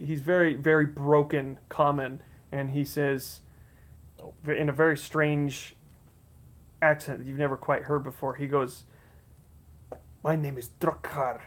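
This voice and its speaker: A man narrating a tabletop game as game master, rambling along with many restarts and fillers. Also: on the high side.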